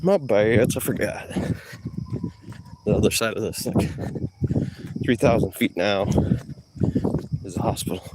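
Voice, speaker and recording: A man's voice: lowish voice, measured pace, long pauses, heavy background noise. A man rambling and trash-talking in a joking way during a live stream outdoors. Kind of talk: rambling live-stream chat while jogging.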